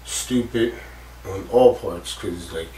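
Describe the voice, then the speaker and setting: A man's voice: deep voice, slow, mellow. A man telling a story in an interview, rambling and swearing freely, with lots of fillers. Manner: rambling, profane, full of fillers like "like" and "you know". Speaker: interviewee recounting a stunt accident. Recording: roomy echo, distant mic, faint background noise.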